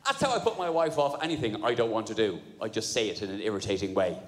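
A man's voice: lowish voice, fast talker. A man, performing a sardonic, sweary stand-up routine at a live comedy venue on a stage mic. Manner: sardonic, sweary, animated storytelling. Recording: echoey live room with audience noise.

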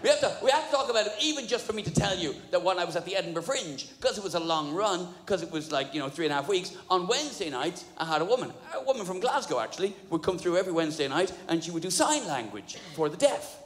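A middle-aged man performing a fast, animated stand-up comedy routine, slipping into put-on voices. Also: high voice, slight background noise. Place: large venue with audience. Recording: echoey hall with audience ambience.

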